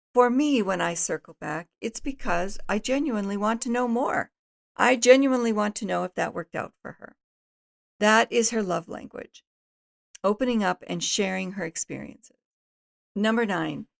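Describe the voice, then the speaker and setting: A woman's voice: medium pitch, gravelly. A middle-aged woman hosting an advice talk, giving earnest, instructive guidance in numbered steps. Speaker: host and family counselor.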